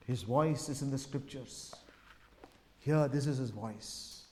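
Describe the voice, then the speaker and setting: Emphatic preacher in a reverberant hall. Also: male voice, medium pitch, slow, long pauses, mellow. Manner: emphatic, repetitive preaching with rising and falling emphasis. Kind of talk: sermon. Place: gospel hall. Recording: long reverb of a gospel hall.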